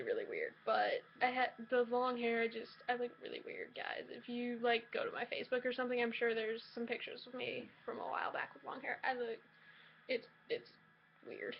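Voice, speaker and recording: A young woman with a fairly high voice talks casually to her camera from a shared dorm room, hesitant and full of restarts. The home-video sound is a bit muffled, with a faint hiss underneath. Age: young adult. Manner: chatty, hesitant, many likes and restarts. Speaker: college student vlogger. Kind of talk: casual personal storytelling.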